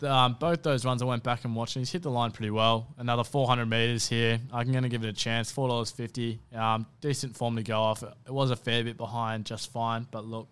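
An Australian man talks through his racing picks on a podcast, rambling and correcting himself as he goes. His voice is very crisp and clear at a middling pitch, recorded close and dry. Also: fairly bright tone, no echo. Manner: rambling, self-correcting, lots of ums. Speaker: podcast co-host tipping races. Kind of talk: casual racing tips chat.

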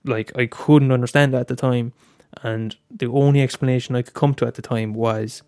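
A young Irish man hosting his own podcast in a relaxed, open way, swearing often and tripping into stammered restarts. His voice sits in a middle pitch, recorded dry and close with no room sound. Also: fairly quick, hardly any pauses, clean tone, no echo, soft background music. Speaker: podcast host. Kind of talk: casual solo podcast talk.

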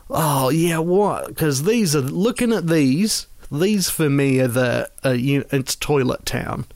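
A man's voice: fairly high pitch, lively intonation, slow, few pauses, a little mellow, dry recording. A man co-hosting a casual film-ranking chat, rambling and wry with self-deprecating asides. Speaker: podcast co-host.

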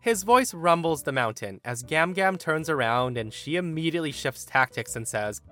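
A man narrating entitled-people stories as host, in an animated, expressive manner. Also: a little high, normal speed, soft background music. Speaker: story narrator and podcast host. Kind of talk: storytelling narration of reddit posts.

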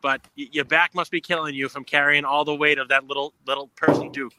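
A man calling in as a guest, stammering through mock flattery in joking banter. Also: a little high, fast talker, background noise. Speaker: call-in guest.

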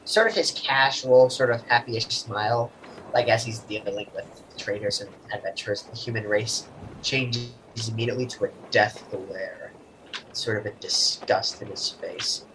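A man's voice: on the low side, fairly even intonation, moderate pace, noisy background. A man narrating a tabletop game as game master in a loose style full of fillers.

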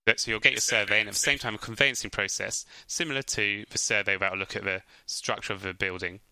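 A man with a low voice and a strikingly bright, crisp tone walks through things in a relaxed, lightly joking way. The recording is close and dry. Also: fast, dry recording. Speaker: podcast co-host. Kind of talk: casual conversational podcast.

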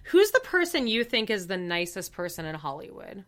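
A woman's voice: medium pitch, sing-song, moderate pace. A young woman co-hosting a podcast, chatting bluntly and laughing often. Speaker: podcast co-host. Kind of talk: casual chat.

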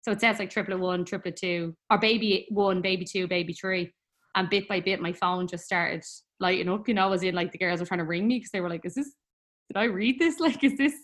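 A young adult woman with an Irish accent, a guest in an interview telling her story casually, full of fillers and quick laughs. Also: on the low side, level tone, a bit bright. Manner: chatty, laughs often, lots of "like" fillers.

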